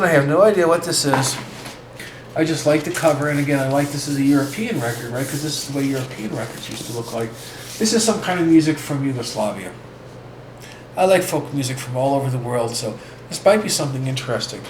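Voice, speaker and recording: A man hosting a casual vlog, talking in a rambling, halting way with many restarts. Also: mid-range voice. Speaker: vlog host. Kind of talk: casual record-collecting vlog. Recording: echoey room with faint ambient noise.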